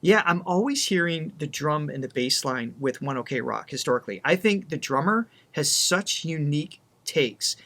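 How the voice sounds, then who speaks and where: A man with a fairly high voice chats casually while reacting to a song. He talks with quick enthusiasm and often stops to restart a sentence. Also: lively intonation, pushed and bright. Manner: enthusiastic, chatty, many restarts. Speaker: vocal coach co-host.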